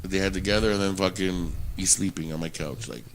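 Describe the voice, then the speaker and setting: A man's voice: low voice, fairly even intonation, fast, a little hiss or hum. A man guesting on a podcast in casual chat, blunt and joking, throwing teasing questions.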